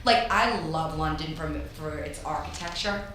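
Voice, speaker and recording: A woman's voice: sits low, moderate pace, a bit bright, echoey room, slight background noise, low-quality recording. A woman with a Long Island accent hosting a radio interview, chatty and laughing often. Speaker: radio host. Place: radio studio.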